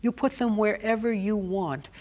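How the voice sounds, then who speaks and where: A woman voice coach giving a clear, deliberate spoken lesson on stressing words. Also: medium pitch, a little mellow.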